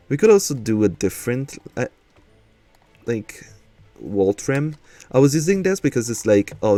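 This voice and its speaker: A man's voice: lowish voice, darkish tone, dry recording. A man streaming casually, chatting and thinking aloud as he builds in a game, with a manner.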